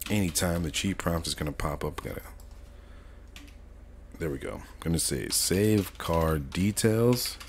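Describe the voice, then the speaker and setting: A man streaming a casual live modding tutorial, chatting in relaxed slang and thinking aloud as he goes, often correcting himself. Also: sits low, a little slow, pauses often, slight background noise. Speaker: gaming streamer.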